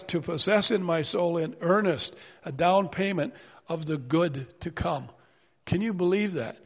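A man preaching a sermon in an earnest, pleading way, full of rhetorical questions. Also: on the high side. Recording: long hall reverb.

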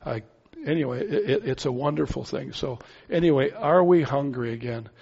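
A man's voice: medium pitch, moderate pace, vocal fry, a little mellow, husky. A man preaching a sermon, earnest and pleading, asking the listeners many questions. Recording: dull sound with long hall reverb.

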